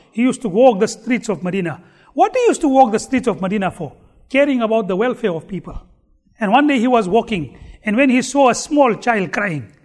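A man preaching a sermon, telling stories with emphatic repetition. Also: very high voice.

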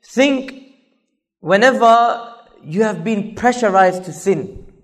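A male preacher with a notably high voice delivers a sermon. He talks emphatically, repeating key lines and asking rhetorical questions to press each point. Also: slow pace, fairly bright tone.

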